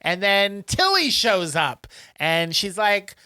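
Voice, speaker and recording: Guy on a podcast retelling a movie, jumps up high doing everybody's lines, bright clean voice, dry mic. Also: slow, smooth, dry recording. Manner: animated retelling, acts out characters in raised voices. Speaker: podcast co-host. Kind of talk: casual chat recapping a film.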